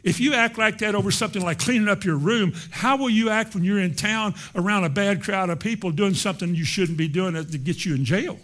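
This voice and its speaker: A man's voice: high voice, normal speed, fairly bright tone. A middle-aged man preaching a sermon in an emphatic, repetitive, folksy way.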